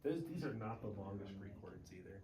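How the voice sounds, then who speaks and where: A man's voice: on the low side, lively intonation, a little fast, distant mic, very noisy. Man teaching Greek in a roomy room. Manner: encouraging, reads Greek word by word. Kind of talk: leading a group reading lesson.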